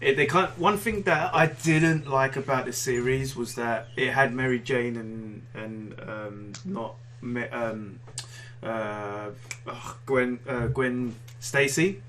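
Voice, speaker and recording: A man co-hosting a casual chat who keeps cutting in with quick agreement. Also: mid-range voice, fairly bright tone, a little hiss or hum. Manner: frequent quick agreeing interjections. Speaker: podcast co-host.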